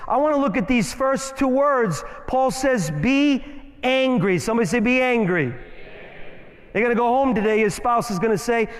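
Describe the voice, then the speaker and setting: Male guest preacher, very high voice, emphatic and playful, church hall echo. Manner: emphatic, rhythmic rhyming phrases, playful asides. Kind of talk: sermon. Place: church sanctuary. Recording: long hall reverb in church.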